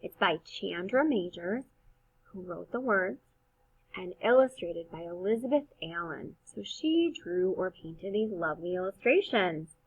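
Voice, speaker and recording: A woman teaching first graders to read, slowly stretching out the sounds of each word in an encouraging teacher voice. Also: on the low side, lively intonation, slightly rough, recorded from a distance. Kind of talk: slow phonics reading lesson. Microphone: computer mic on a screen-shared video. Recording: slightly dull, lo-fi sound.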